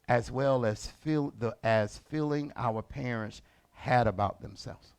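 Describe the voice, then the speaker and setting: A man preaching a sermon as lead pastor, colloquial and animated. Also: mid-range voice, slow, gravelly, pauses often. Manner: animated, colloquial, acts out characters.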